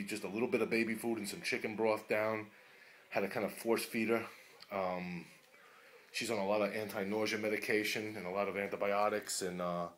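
A man with a fairly low voice speaks to his ailing dog at home. His talk is tender and coaxing, full of pet baby talk, and often sinks to a soft murmur. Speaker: dog owner filming his sick pet. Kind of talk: casual home video talking to a dog. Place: at home indoors.

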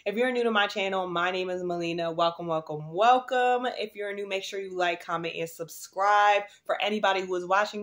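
Tired, chatty woman vlogger. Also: fairly low pitch. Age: adult mother. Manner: rambling, chatty, many fillers and restarts. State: tired, groggy morning voice. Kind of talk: casual vlog chat.

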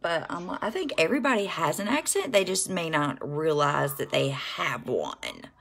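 A woman's voice: deep voice, sing-song, normal speed, gravelly, a bit bright. A woman with a Southern US accent chatting casually on a makeup livestream, greeting viewers and rambling with fillers while she works. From American South.

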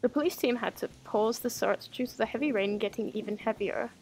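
Sarcastic woman with a gravelly voice. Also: a little high, fairly quick, darkish tone. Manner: sarcastic, mocking asides, swears casually. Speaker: streamer playing a game. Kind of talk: casual gameplay commentary.

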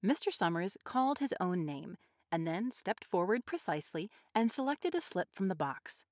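A woman narrating a short story in a measured, expressive audiobook style. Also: on the low side, dry recording, clean studio sound.

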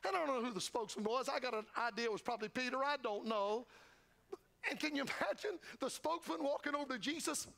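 A man's voice: very high-pitched, quick pace, vocal fry, fairly bright tone. An older man preaching a revival sermon as a traveling evangelist, folksy and fervent, acting out the disciples' voices. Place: church sanctuary.

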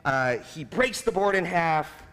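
A man's voice: fairly high pitch, animated, unhurried, a bit bright, clean tone. Earnest male pastor in a reverberant church. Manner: earnest, personal and confessional. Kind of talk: sermon. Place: church sanctuary.

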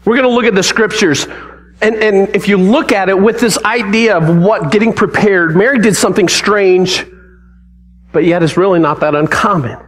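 A man with a high, light voice delivers a church sermon. He tells the story with drama and gets the congregation to repeat lines back to him. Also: moderate pace. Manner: animated, dramatic storytelling with audience call-and-response. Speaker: preacher.

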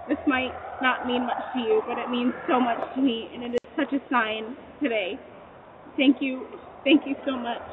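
Young woman delivery driver, teary and grateful at a porch, high voice, tinny phone sound. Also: fairly even intonation, normal speed. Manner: emotional, tearful and thankful. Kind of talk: doorstep video. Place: outdoors at a front porch. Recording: tinny phone-like sound with clear noise outdoors.

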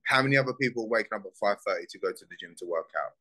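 A man's voice: fairly low pitch, lively intonation, rapid-fire, sharp tone, low-quality recording. A young man from South East London with a South London accent, a bare-knuckle fighter talking bluntly and swearing freely in a casual interview.

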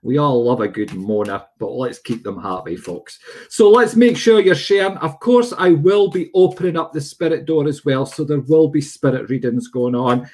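A man's voice: fairly high pitch, animated, moderate pace, a little mellow. A man hosting a live psychic stream, chatting and greeting viewers by name. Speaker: psychic medium host. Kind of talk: livestream chat.

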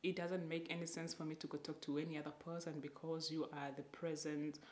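A woman vlogger telling an emotional personal faith testimony, halting and sometimes dropping to a whisper. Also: low-pitched, little pitch movement, a little mellow, reverberant.

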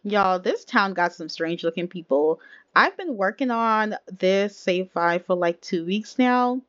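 A woman's voice: mid-range voice, lively intonation, unhurried, fairly bright tone. Chatty woman with a dull lo-fi sound. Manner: chatty, laughing, addresses viewers as y'all. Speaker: let's play host. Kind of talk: casual game commentary.

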